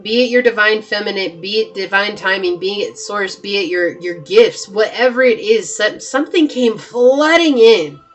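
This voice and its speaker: A woman giving a casual pick-a-card tarot reading, earnest and emphatic, chatty with frequent "like" and quick restarts. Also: mid-range voice, highs cut off, faint music behind. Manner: earnest and emphatic, often shifting into spiritual advice. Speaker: tarot reader.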